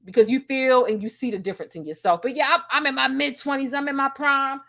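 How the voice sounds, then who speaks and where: A woman's voice: high-pitched, brisk, sharp tone. A woman in her thirties telling a story in a casual, sassy and profane way, acting out the dialogue. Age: 30s. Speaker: host.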